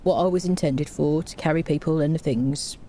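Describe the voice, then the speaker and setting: A woman's voice: deep voice, normal speed, mellow, slight background noise, close to an everyday voice. A woman voicing a weary, put-upon male horse. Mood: sardonic.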